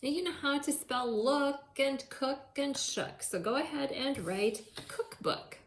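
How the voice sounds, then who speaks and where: Slow sing-song woman teaching young kids. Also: high voice, lively intonation, a little hiss or hum. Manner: slow, sing-song, sounding out words for children. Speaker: elementary school teacher. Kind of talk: phonics lesson for young children. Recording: echoey room.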